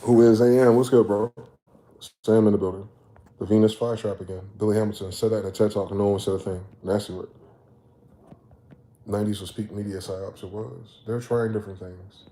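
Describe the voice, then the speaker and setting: A man's voice: fairly low pitch, flat delivery, brisk. Rambling profane man on a livestream. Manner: rambling and profane, drifting from quiet musing to loud ranting. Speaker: live-stream host. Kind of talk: casual live-stream monologue.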